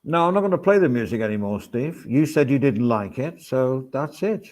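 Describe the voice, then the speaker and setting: A man's voice: medium pitch, lively intonation, normal speed, darkish tone. A man hosting a casual vlog, rambling along with wry asides. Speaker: vlog host. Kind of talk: casual chat to camera. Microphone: swaps between mics.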